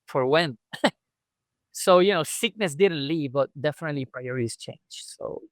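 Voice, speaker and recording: A man's voice: on the high side, normal speed, no room sound. A chiropractor guest telling his story in a conversational podcast interview, acting out remembered dialogue as he goes.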